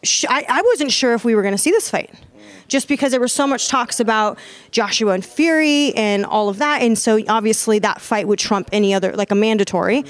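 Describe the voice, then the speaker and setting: An American woman hosting a boxing podcast, chatty and quick to laugh at herself. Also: fairly high pitch. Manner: chatty, restarts often and laughs along. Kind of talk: casual chat.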